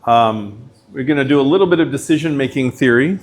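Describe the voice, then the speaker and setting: A man's voice: mid-range voice, animated, brisk. A middle-aged man, a professor, giving a lecture in a casual, chatty way, full of likes and you-knows.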